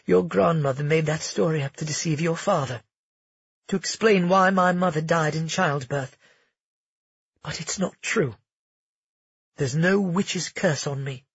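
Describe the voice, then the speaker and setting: A man's voice: a little slow, gravelly, long pauses, husky, dry recording, lo-fi sound, full character voice. A man voicing an emotional young woman in love, in an earnest, pleading audiobook character voice. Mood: reassuring. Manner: pleading, earnest, raised pitch for a female part.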